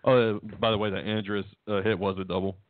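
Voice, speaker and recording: A man's voice: on the low side, level tone, fast, a little hiss or hum. A man, co-hosting a casual sports chat, rambling and restarting his sentences. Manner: rambling, restarts often, laughs at own jokes. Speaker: podcast co-host. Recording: tinny phone-like line, dry.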